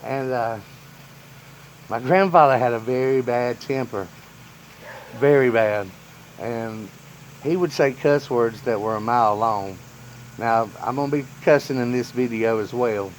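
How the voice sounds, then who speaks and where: A man's voice: mid-range voice, measured pace, long pauses, a little hiss or hum, low-quality recording. A man in a casual storytime vlog, rambling through family memories and chuckling often. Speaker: vlogger telling family stories.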